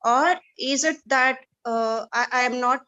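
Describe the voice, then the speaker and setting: A woman's voice: high-pitched, a little slow, pushed and bright, muffled recording. A woman student asking questions in a class, earnest and hesitant, restarting often with "uh".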